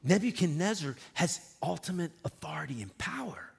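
A man's voice: mid-range voice, very animated, a little slow, slightly rough. A man preaching a sermon, reading scripture aloud and retelling it with emphatic repetition. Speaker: pastor.

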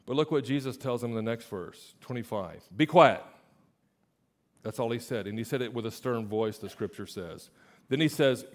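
A man preaching a sermon as pastor, stressing key phrases and slowing down on them. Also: medium pitch.

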